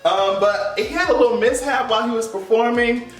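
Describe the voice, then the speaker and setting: A man giving sassy, animated pop culture commentary, swearing freely and laughing often. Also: very high voice, brisk, soft background music. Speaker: vlogger. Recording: echoey room, mic at a distance.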